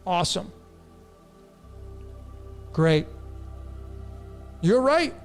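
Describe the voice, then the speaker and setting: A man with a high, gravelly voice speaks to his listeners in a blunt, insistent way and presses every point home. He answers viewer questions about numerology in a long monologue. Faint music plays behind him. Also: big pitch swings, very slow. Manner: blunt, emphatic, addresses listeners directly.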